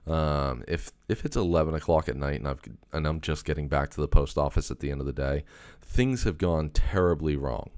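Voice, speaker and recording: A man's voice: extremely low pitch, fairly quick, a little mellow, clean tone, dry recording. A young man hosting a podcast, telling a rambling story in a loose, swearing way with lots of fillers and restarts. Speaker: podcast host.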